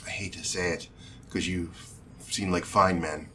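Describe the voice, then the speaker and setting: A man's voice: sits low, steady tone, bright, forceful tone, a little hiss or hum. A man voicing a worried young nobleman who halts and stammers as he pleads for help. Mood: pleading. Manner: halting, stammering pleas.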